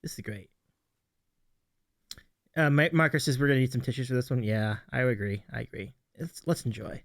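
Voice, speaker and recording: A man's voice: medium pitch, fairly even intonation, a little fast, creaky, no room sound, studio quality. A man hosting a livestream, enthusiastically introducing clips and hyping them up. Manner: enthusiastic, hypes clips, many ums and restarts. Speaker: stream host.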